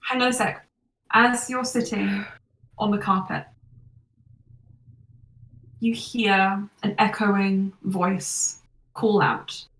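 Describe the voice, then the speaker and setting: A woman game master describes a scene in a measured, descriptive manner for her players. Her voice sits at a middle pitch and carries a noticeable room echo. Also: flat delivery, a bit bright, far from the mic. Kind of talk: narrating a tabletop game.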